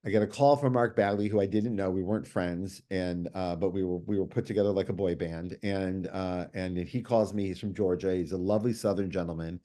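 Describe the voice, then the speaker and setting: A middle-aged man, a comics writer guest, telling stories in casual chat, animated and quick with many restarts and fillers. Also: sits low. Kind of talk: casual storytelling.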